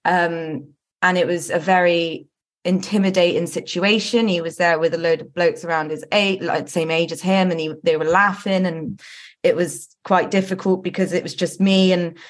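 A woman's voice: fairly low pitch, fairly even intonation, normal speed. A woman co-hosting a football podcast, talking candidly and earnestly with lots of ums and restarts. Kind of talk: casual podcast chat.

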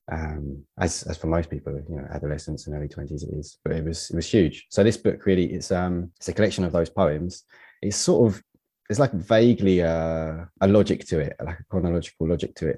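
A man from the United Kingdom, a poet as a podcast guest, talks in a reflective, halting way with many fillers and restarts. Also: very deep voice, mellow, husky. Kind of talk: casual podcast conversation.

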